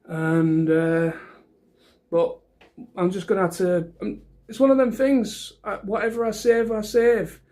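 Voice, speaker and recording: A man's voice: high voice, fairly even intonation, unhurried, dark tone. A man chatting casually to camera in a vlog, rambling with lots of restarts and fillers. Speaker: vlogger.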